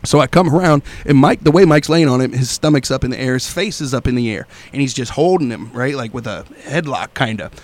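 A man's voice: mid-range voice, fast talker, few pauses. A young man telling a wild story in casual chat, laughing often and acting out voices and sounds.

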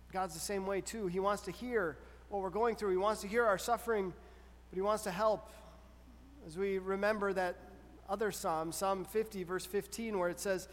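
A man preaching a sermon in an earnest, measured way, often pausing to ask rhetorical questions. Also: sits high, big-room sound. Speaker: pastor.

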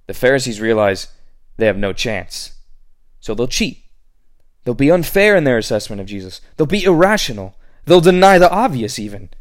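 A man hosting a scripted podcast Bible teaching, reflective and asking many rhetorical questions. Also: medium pitch.

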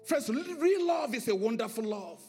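High-voiced preaching man with sing-song swings. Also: sing-song, normal speed, darkish tone, soft background music. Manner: preaching with sudden swings in pitch and volume, sing-song emphasis. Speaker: pastor. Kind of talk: sermon.

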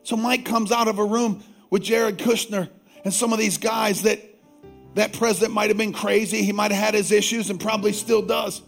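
A male pastor preaching a sermon, calling out to the congregation for responses and slowing down to stress scripture. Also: high-pitched, little pitch movement, gravelly, faint music behind. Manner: slows down to stress scripture lines.

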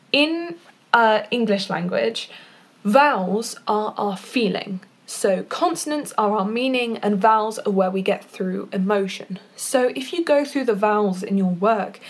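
A woman who is a voice actor and poet, giving performance tips in a chatty, informal way, now and then demonstrating exercises with her voice. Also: mid-range voice. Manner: chatty, with fillers and small laughs, demonstrating vocal exercises. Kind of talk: casual instructional talk.

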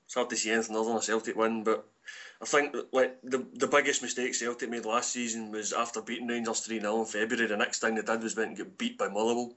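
A man's voice: lowish voice, level tone, fairly bright tone, dull audio. A man co-hosting a casual podcast chat, quoting figures. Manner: quick, cites stats. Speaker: co-host.

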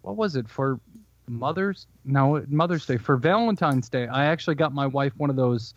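A man with a Chicago accent co-hosting a casual podcast, telling stories in a relaxed, dry way. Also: medium pitch, normal speed, dry recording. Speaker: co-host. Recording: dull, slightly lo-fi dry audio.

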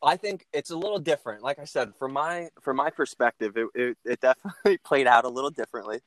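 A man's voice: medium pitch, fast, no echo. A man casually telling a funny story from his teens, often breaking into laughter.

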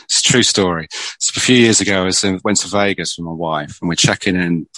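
A man's voice: low voice, quick pace, pushed and bright, dry recording, rough recording. A man, a screenwriter, telling stories in casual conversation with many restarts. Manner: chatty storyteller, many restarts. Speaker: screenwriter guest.

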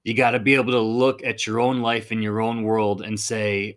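A man's voice: on the low side, flat delivery, moderate pace. Blunt, fired-up man hosting a podcast. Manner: blunt and fired-up, swears casually. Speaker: fitness podcast host. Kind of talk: unscripted podcast monologue.

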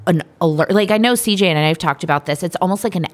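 Low-voiced woman telling crude stories. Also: racing. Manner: animated, profane storyteller. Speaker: podcast co-host. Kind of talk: casual crude chat.

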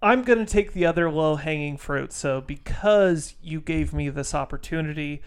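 A man's voice: a little high, normal speed, clean tone. A man co-hosting a podcast, making football picks with dry, self-deprecating humor. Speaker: podcast co-host. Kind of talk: casual sports chat.

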